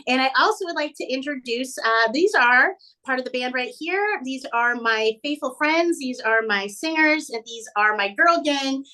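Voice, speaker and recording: A woman's voice: high-pitched, animated, normal speed, few pauses, sharp tone, poor audio. A woman from Detroit, a band's lead singer, talking boldly and theatrically in a radio interview. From Detroit, United States. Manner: bold, theatrical, playful bragging.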